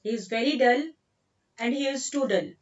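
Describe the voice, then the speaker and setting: Indian English teacher, woman, patient and repetitive, high voice, slightly far and muffled mic. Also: normal speed. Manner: explains patiently, repeats sentences, mixes in Hindi. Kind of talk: online grammar lesson.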